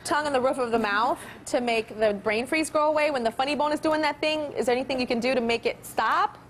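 A woman hosting a talk show in front of a studio audience, playful and animated, often laughing. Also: high voice, fast. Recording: studio with audience and background noise.

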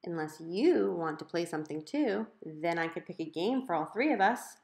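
Here is a patient, cheerful mother who teases gently , voiced by a woman reading a storybook. The tone stays light and even, and the room gives a slight echo. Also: on the low side, moderate pace, creaky. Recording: roomy echo.

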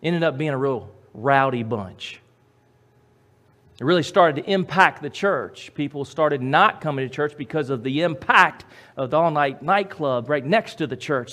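A man preaching a sermon as pastor, emphatic, repeating his phrases and swinging from loud to quiet. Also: on the high side, animated, normal speed.

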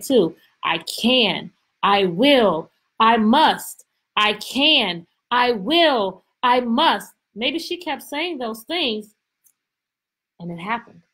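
A woman teacher reading a picture book aloud to her class over a video call, expressive and full of questions. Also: mid-range voice, husky, rough recording. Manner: lively, expressive, stretches words, asks questions. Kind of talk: storybook read-aloud lesson.

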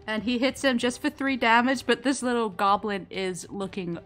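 A woman narrating as game master in a tabletop game, playful and quick to laugh. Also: fairly high pitch, a bit bright, soft background music.

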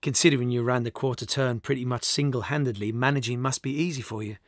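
A man's voice: medium pitch, steady tone, fast, no echo, clean studio sound, lightly acted. A man voicing a friendly, breezy young actor in an audiobook. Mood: upbeat. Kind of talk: audiobook character voice.

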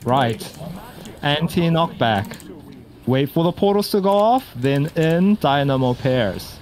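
A man in casual voice chat during a game raid, calling out mechanics in quick repeated bursts and swearing now and then. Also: on the high side, animated, darkish tone.

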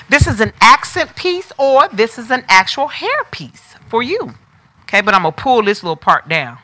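A wig shop host sells on a live stream, chatting casually and speaking straight to viewers while demonstrating pieces. Her voice is medium-pitched with a sharp tone.

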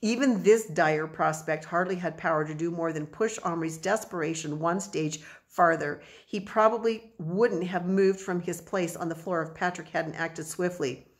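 Lady reading a kids' story aloud, measured and expressive, voice on the low side. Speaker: audiobook narrator. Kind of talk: children's audiobook narration.

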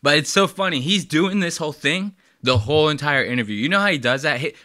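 Bright-voiced man riffing in casual commentary. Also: fairly high pitch, fast, no echo, studio quality. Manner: loose, profane, joking. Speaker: podcast host.

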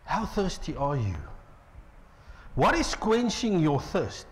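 South african preacher guy in a church, kinda high voice, jumps all over the place, joking with the crowd, slight background hiss. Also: sing-song, slow. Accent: South African English. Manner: playful, jokes with the congregation. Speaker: pastor. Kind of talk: lively sermon.

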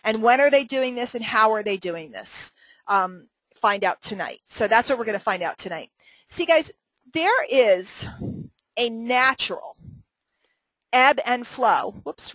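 Chatty woman teaching on a webinar, kinda high voice, jokey, dry close mic. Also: a bit bright, no room sound, poor audio. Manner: chatty, joking, laughs often. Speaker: webinar host and marketing trainer. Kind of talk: live webinar teaching talk.

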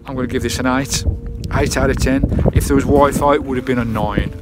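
A man's voice: mid-range voice, steady tone, a little fast, loud music behind the voice. A British man vlogging casually from inside his camper van, chatting and swearing lightly. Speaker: vanlife vlogger. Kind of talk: casual vlog chat.

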